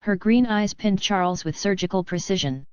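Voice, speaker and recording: A woman narrating a web novel audiobook in a steady, even storytelling manner, recorded dry and slightly dull. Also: mid-range voice, normal speed, smooth, dry recording. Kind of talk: scripted narration.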